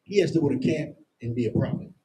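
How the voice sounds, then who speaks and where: A man's voice: on the high side, quick pace, dark tone, low-quality recording. A man teaching a Bible lesson in plain street talk, emphatic and constantly checking in with "you understand?". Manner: explains with everyday comparisons and slang. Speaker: scripture teacher.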